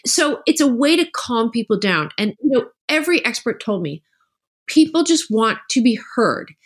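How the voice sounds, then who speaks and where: Lively, animated woman telling stories. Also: on the high side, normal speed, slightly rough. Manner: animated storyteller, acts out quoted voices. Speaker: author and podcast guest. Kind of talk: casual conversational interview.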